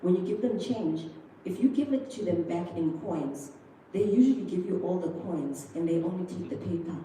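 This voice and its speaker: A woman's voice: on the low side, animated, normal speed, dark tone, slight background noise. A South African woman giving a chatty motivational speech at a school prize-giving, talking straight to the audience. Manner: chatty, addresses the audience directly, acts out others' voices. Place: school hall. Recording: echoey hall, distant microphone.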